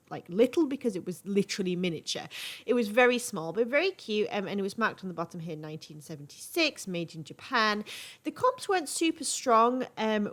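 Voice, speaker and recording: A woman vlogging about her weekly resale sales in a casual, chatty way, full of ums and little asides, sounding stuffed up from allergies. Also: mid-range voice. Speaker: online reseller vlogger. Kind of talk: casual chat to camera.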